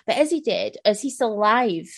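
A woman's voice: mid-range voice, moderate pace, no echo. Podcast lady rambling through a film plot, acts out the lines, dead dry mic. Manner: rambling, animated retelling with acted-out quotes. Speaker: podcast co-host. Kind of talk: casual chat.

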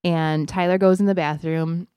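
A woman's voice: lowish voice, normal speed, clear, resonant tone, dry recording. Chatty woman telling stories, dry sound. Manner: animated storyteller, laughs often. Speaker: podcast co-host. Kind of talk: casual chat.

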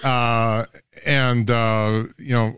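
A man's voice: mid-range voice, little pitch movement, very slow, fairly bright tone, clean tone, no room sound, clean studio sound. A man hosting a podcast, chatting casually and easily with short agreeing replies. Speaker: podcast host. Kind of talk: casual interview chat.

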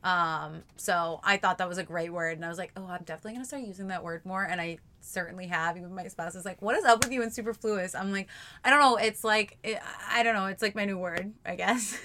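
A young woman co-hosting a podcast in casual chat, animated and full of "like"s as she acts out her own past remarks. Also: fairly low pitch, fast, slight background noise. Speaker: podcast co-host.

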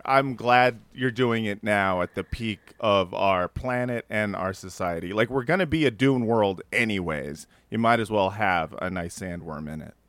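A man's voice: medium pitch, fairly bright tone, no room sound. Riffing man on a dry-sounding mic. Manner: loose, riffing, jokey. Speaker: guest comedian. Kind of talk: casual comedic banter. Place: Los Angeles.

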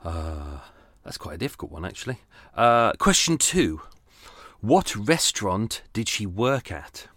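A man's voice: on the low side, big pitch swings, a little slow, fairly bright tone, no room sound, clean studio sound. A man hosting his podcast in a casual, rambling, self-deprecating chat with many restarts. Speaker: podcast host. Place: at home on a boat.

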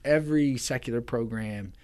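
A man's voice: mid-range voice, normal speed, dark tone. A male pastor, a guest in a small podcast studio, telling his story earnestly and emphatically with many casual fillers. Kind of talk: casual testimony in a podcast interview.

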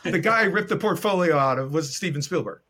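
Fast-talking, lively husky man. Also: on the high side. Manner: animated, acts out dialogue. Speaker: animator and director guest. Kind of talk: casual storytelling.

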